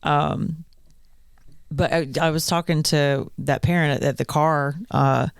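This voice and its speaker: A woman's voice: sits low, a little slow, creaky, smooth, no echo, studio quality. A woman in her thirties, expecting her second child, co-hosting a casual parenting podcast and telling stories with frequent laughter. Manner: animated storyteller, laughs often. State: pregnant, third trimester. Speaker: podcast co-host. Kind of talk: casual chat.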